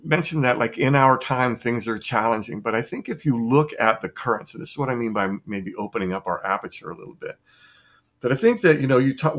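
A man's voice: medium pitch, a bit bright. Expansive, enthusiastic middle-aged man. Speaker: podcast guest, artist. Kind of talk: reflective conversation.

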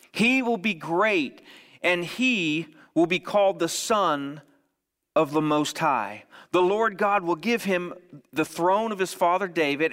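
A high-pitched man preaches in a casual, chatty way and keeps asking his listeners "right?" His voice rings out with the long echo of a church hall. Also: a bit bright. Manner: conversational preaching with frequent "right?" asides. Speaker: pastor. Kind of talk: sermon.

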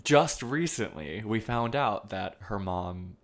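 Very low-pitched chatty woman. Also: slow pace. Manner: chatty, lots of fillers like um and like, excitable. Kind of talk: casual chat.

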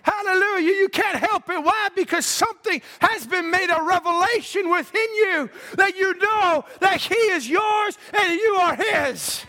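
A man preaching a fervent sermon in a church, his impassioned delivery swelling into shouts. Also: very high voice, a little slow, hardly any pauses. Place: church sanctuary.

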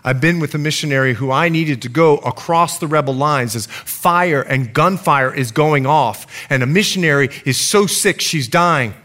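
A man preaching a sermon to his church, telling stories and reading scripture with emphatic, animated delivery. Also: normal speed, few pauses. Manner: animated storytelling preacher, emphatic swings in pitch. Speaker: pastor.

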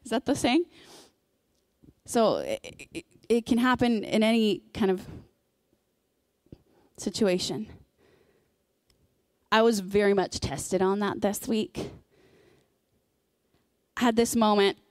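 A woman's voice: mid-range voice, lively intonation, slow pace, pauses often, no echo, studio quality. Woman preaching a chatty sermon. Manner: conversational, personal storytelling with fillers.

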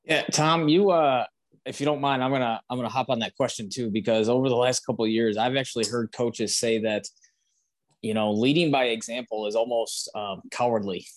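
A man's voice: mid-range voice, brisk. A man who coaches young players, chatting on a podcast and acting out the words he says to his players. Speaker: high school coach. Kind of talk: casual discussion on leadership.

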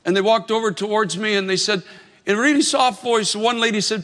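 A male pastor delivers an earnest sermon in a high, bright voice, building emphasis through repeated phrases. The sound rings with a long hall reverb, as in a church. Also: brisk.

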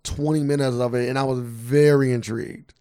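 A man co-hosting a casual podcast chat, teasing and calmly arguing his point. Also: mid-range voice, a little fast, clean tone, dry recording, studio quality. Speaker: podcast co-host.

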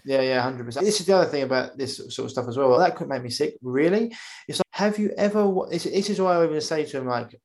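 A man hosting a podcast interview, talking in a rambling, animated way and often acting out the voices of people he quotes. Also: on the high side, fast. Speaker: podcast host. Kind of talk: casual conversational interview.

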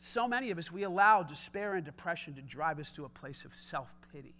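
Bright, emphatic middle-aged male pastor. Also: on the high side, lively intonation, fairly quick. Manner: emphatic, conversational preaching with rising shouts. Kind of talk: sermon.

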